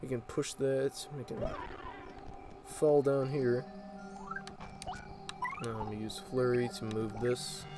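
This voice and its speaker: A man casually commenting on his video game playthrough, relaxed and rambling with plenty of fillers. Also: medium pitch, slow pace, pauses often, rough recording. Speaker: let's play host. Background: game music.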